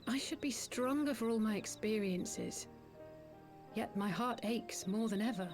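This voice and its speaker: An actress voicing a melancholy, reflective young woman in a game cutscene, speaking in a hushed half-whisper. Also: fairly high pitch, a little slow, faint music behind, lightly acted. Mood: wistful.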